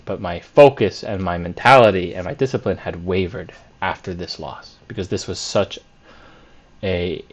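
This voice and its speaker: On a screen-share, a day trader reviews his week's trades, candidly picking apart his own mistakes and thinking out loud with fillers and restarts. His voice is fairly low, and the recording sounds dull and lo-fi.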